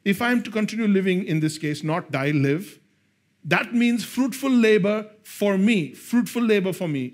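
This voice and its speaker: A male pastor preaching a sermon, swinging between hushed, slow lines and loud, excited bursts. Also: high-pitched.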